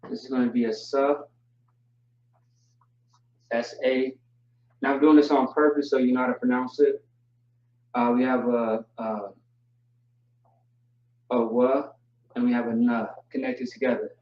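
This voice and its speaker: Spelling words slowly for his online language class, a man with a mid-pitched voice stays easygoing and playful. The recording has a distant, echoey, muffled feel.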